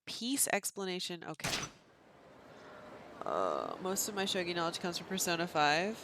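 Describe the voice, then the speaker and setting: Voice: mid-range voice, sing-song, normal speed, background noise. A game streamer giving casual, self-mocking commentary and reading menus aloud while playing. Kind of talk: casual let's-play commentary.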